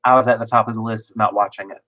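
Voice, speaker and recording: A co-host calling bids during a casual livestream auction, brisk and quick with the numbers between bits of easy chat. The voice sits at a middle pitch, and the audio is dull and lo-fi. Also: fairly even intonation, bright, forceful tone.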